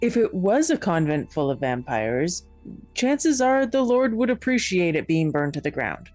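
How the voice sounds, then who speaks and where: A woman with a lowish but very animated voice plays a tabletop game, laying out her plans firmly and without fuss. The sound is dry and close, with faint music underneath. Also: moderate pace, no echo. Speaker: player. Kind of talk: in-character tabletop role-play.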